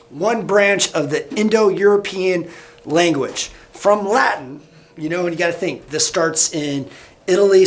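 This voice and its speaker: A man teaching a recorded lesson over slides, with a casual Midwestern American accent and a loose delivery full of fillers. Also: high-pitched. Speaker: high school teacher.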